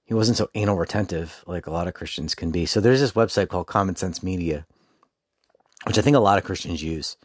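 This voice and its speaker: A man's voice: low voice, brisk, slightly rough, dry recording, clean studio sound. A man hosting his own podcast, talking candidly and informally in a casual solo monologue. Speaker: podcast host.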